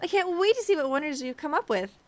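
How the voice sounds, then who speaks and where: A woman voicing a small, eager young female shopkeeper, gushing and excited. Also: high voice, fast, voice pushed up.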